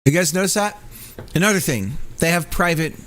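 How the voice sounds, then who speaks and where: A man's voice: on the high side, lively intonation, a little fast, a bit bright. A man streaming while he codes a game, chatting casually with his viewers, joking and laughing often. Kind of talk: casual livestream chat while coding.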